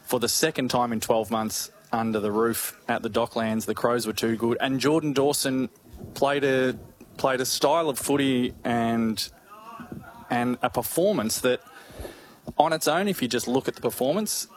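An Australian man co-hosting a sports radio show, chatting casually in a rambling, jokey way with many halting restarts. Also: mid-range voice. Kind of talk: casual chat.

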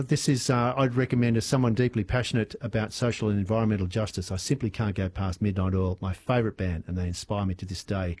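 A man's voice: mid-range voice, a little mellow. An Australian man hosting talkback radio, chatty and hesitant, with lots of fillers. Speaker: radio host.

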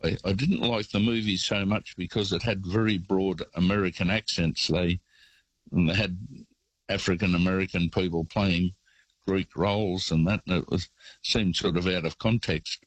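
A man's voice: low voice, fairly even intonation, moderate pace, breathy edge, no room sound, rough recording. An older Australian man calling in to a radio show, telling rambling travel stories. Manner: rambling storyteller. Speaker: caller. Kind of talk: phone-in anecdote.

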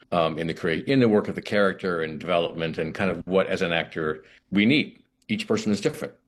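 A middle-aged man, an actor, talking reflectively in an interview, often restarting his sentences. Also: low voice. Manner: reflective, halting with many restarts. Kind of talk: interview conversation.

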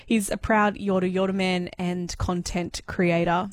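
A woman's voice: fairly low pitch, level tone, a little slow. A woman hosting a radio show, upbeat and chatty. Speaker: radio presenter.

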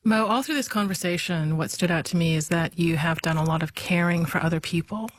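A calm woman hosts a radio interview with a lowish, steady voice. She asks gentle, measured questions and reads the closing information evenly. The studio sound is close and dry. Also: dry recording. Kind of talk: broadcast interview and outro.

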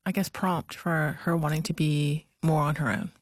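A woman interviewer asking gentle, measured questions. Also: deep voice, fairly even intonation, slightly rough, dry recording, clean studio sound.

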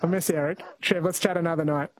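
A man's voice: on the high side, steady tone, quick pace, low-quality recording. A man hosting a radio call-in quiz, chatting casually with callers and often correcting himself mid-sentence. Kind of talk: casual talkback radio chat.

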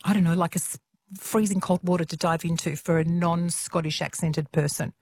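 A woman hosting a late-night radio talk show, friendly and quick with her questions to callers. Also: lowish voice, steady tone, a little mellow, slight background noise. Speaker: radio host. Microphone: studio microphone.

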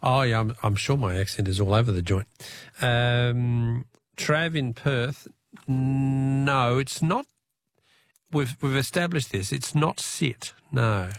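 A man with an Australian accent and a medium-pitched voice hosts a talkback radio quiz. He's chatty and quick with asides, laughing easily along with callers.

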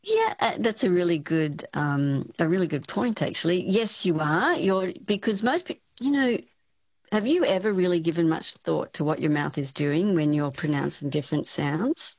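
Low-voiced woman expert on a dull line. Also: animated, darkish tone, no room sound. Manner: explanatory, measured, with frequent "um" and "you know". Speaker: speech pathology professor, guest expert. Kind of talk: radio interview answers.

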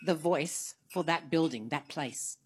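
A woman interviewer asking measured questions that guide an author through her book. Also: sits low, a little mellow, husky.

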